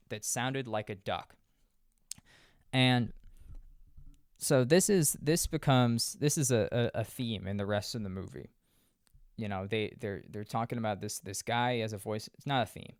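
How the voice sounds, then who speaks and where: A man's voice: lowish voice, clear, resonant tone, no echo, studio quality. A young man recapping a movie in loose, profane casual chat, full of fillers and restarts. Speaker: podcast host reviewing a movie. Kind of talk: casual rambling film recap.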